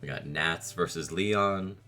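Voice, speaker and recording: A man with a very low, bright-edged voice talks through a game as he plays, relaxed and wry, tossing out little reactions between fights. Soft music runs underneath. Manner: casual, self-deprecating, reacts with quick quips. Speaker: gaming video creator. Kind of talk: let's play commentary.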